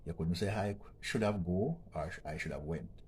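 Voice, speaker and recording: Deep-voiced guy going slow thru a grammar lesson, keeps saying okay, bit of faint hiss behind. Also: a little mellow. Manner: patient, repetitive explaining, checks in with "okay?". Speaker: grammar teacher. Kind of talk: educational vlog lesson.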